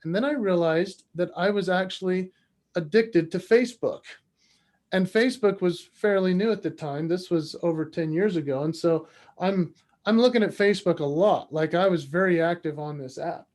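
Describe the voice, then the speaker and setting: A man in his forties, a podcast guest, telling an animated personal story and acting out the voices in it. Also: sits high, moderate pace. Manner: acts out voices in his stories.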